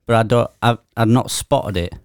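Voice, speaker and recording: A man's voice: mid-range voice, normal speed, no echo, clean studio sound. A man with a Yorkshire accent co-hosting a casual podcast chat, grumbling and swearing as he complains. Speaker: podcast co-host.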